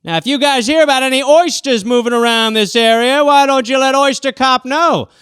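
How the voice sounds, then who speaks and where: A man voicing Oyster Cop, a brash, pushy male cop who interrogates people about oysters in a loud, swaggering, accusing way. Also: extremely high pitch, a little fast, clean tone, dry recording, studio quality, voice pushed up.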